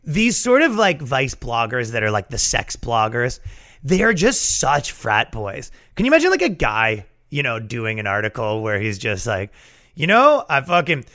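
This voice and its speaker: A man hosting a podcast, riffing in a profane, animated comedic rant. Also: medium pitch, normal speed. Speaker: podcast host.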